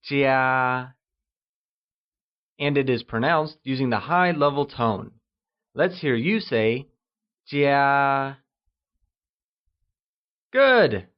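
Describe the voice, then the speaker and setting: A man narrating a scripted language lesson, calmly leading listeners through words and praising each try. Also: mid-range voice. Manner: slow, patient, encouraging drills. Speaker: language teacher. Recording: slightly dull lo-fi audio.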